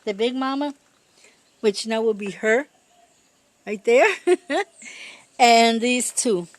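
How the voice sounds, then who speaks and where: A woman talking her way through a casual garden vlog outdoors, chatty and rambling, laughing often and pausing to search for words. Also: on the high side, no room sound. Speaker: home gardener.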